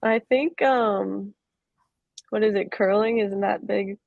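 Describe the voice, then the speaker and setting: A woman's voice: mid-range voice, steady tone, slow, gravelly, no room sound, narrow, tinny audio. A woman in her twenties from Illinois, a laid-back and giggly guest in a casual interview. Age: 20s.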